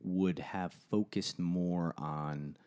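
A man who works as an actor, giving animated, jokey advice in a casual podcast chat. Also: low-pitched, drawn-out words, smooth. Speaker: actor guest.

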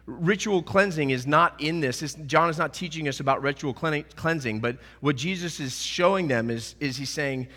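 A man preaches with a bright, forceful voice set slightly high for a man. He talks with earnest energy and acts out quoted lines. His voice rings out with a long reverb tail, as in a large church. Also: normal speed, hardly any pauses. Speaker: pastor. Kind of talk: sermon.

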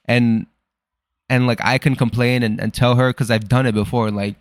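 A man's voice: mid-range voice, fairly even intonation, normal speed, dry recording. A young man hosting a podcast, rambling through a casual, profane and self-deprecating personal monologue. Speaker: podcast host.

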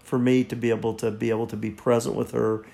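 Earnest gravelly older man counseling. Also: mid-range voice, little pitch movement, dark tone. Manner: earnest, halting, repeats words. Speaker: marriage counselor. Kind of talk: reflective teaching monologue.

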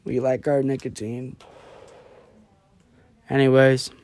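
A man's voice: medium pitch, little pitch movement, slow pace, darkish tone. A drunk young man in casual late-night chat, rambling loosely and drifting off track.

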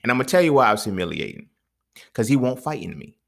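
Fast-talking and with vocal fry, the young podcast host shares a story in casual slang, moving from mumbled low stretches to loud, excited bursts.

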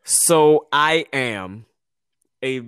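A man's voice: medium pitch, animated, extremely slow, fairly bright tone, clear, resonant tone, dry recording, studio quality. A man hosting a casual podcast, telling stories in a slangy, laid-back way with frequent laughs and restarts. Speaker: podcast host and business owner.

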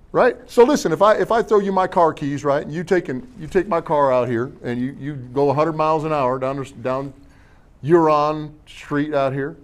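Folksy high-voiced preaching pastor. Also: male voice. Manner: folksy, jokey preaching with frequent amens and rhetorical questions. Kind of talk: sermon.

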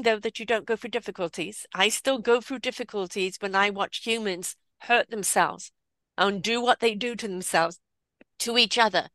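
A woman's voice: mid-range voice, pushed and bright, no room sound. A woman hosting a casual spiritual conversation over a video call, speaking earnestly and emphatically, often repeating her phrases. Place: home, remote from guest.

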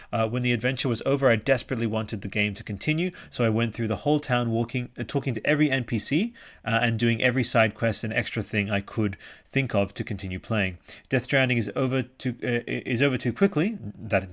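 A man hosting a live podcast, chatting enthusiastically and reading out viewer comments. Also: mid-range voice. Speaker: podcast host.

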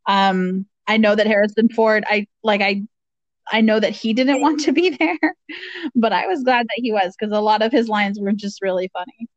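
A woman's voice: mid-range voice, steady tone, normal speed, dry recording. Hesitant woman, dull dry lo-fi mic. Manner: rambling, hesitant, many fillers and laughs. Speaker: podcast co-host. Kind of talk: casual chat.

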